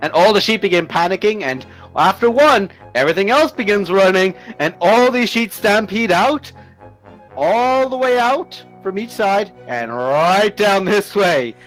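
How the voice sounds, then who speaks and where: A man narrates a tabletop game as its game master, pitched high and full of swearing and laughter. Faint music plays behind him. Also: measured pace, rough recording. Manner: laughing, profane, animated storytelling.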